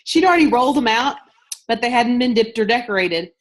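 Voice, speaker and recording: A woman's voice: a little high, lively intonation, brisk. Chatty woman on a video call. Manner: chatty, loose and storytelling, with filler words and restarts. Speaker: team leader hosting a sales call. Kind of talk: casual talk on a group video call.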